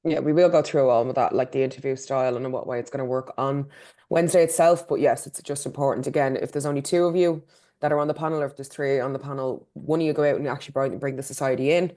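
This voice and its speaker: Irish woman, really quick and low-voiced, brisk organiser on a zoom call. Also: warm tone. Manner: brisk, practical instructions. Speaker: event organiser. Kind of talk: online meeting briefing. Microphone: video call.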